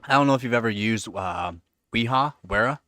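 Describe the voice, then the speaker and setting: A man hosting a casual live stream, answering chat questions and cooing at his pet in a high sing-song voice between relaxed remarks. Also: a little fast. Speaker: livestream host. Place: home computer setup.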